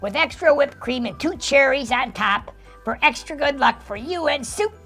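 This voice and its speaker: Brief: woman as a high, excitable puppet monkey who squeals ee ee, faint music under. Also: normal speed. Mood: excited. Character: excitable banana-loving monkey, grown-up, generous. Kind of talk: kids' puppet show.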